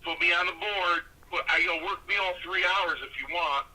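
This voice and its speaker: An older man, a pro wrestler, telling animated stories in an interview and acting out what people said. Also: sits high, moderate pace, slightly rough, poor audio. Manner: lively storyteller who acts out quotes.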